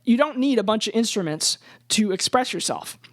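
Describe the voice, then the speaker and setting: A woman's voice: on the high side, lively intonation, moderate pace, dry recording, clean studio sound. A young woman, a musician, chatting casually to her viewers in an upbeat way, laughing often between thoughts. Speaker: musician and channel host. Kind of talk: casual vlog chat to camera.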